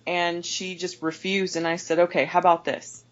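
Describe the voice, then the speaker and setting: A woman's voice: little pitch movement, moderate pace, muffled recording. A woman, an overnight gas station clerk, telling a rambling, exasperated story about a customer as a podcast guest. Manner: exasperated, rambling with many restarts; raises pitch sharply when mimicking customers. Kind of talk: casual storytelling rant.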